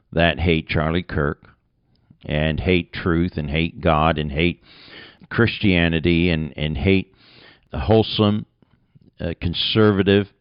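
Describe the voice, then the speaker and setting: A man's voice: low voice, dry recording, lo-fi sound. A man with an American accent, a radio broadcaster and preacher giving an earnest, plain-spoken conversational sermon.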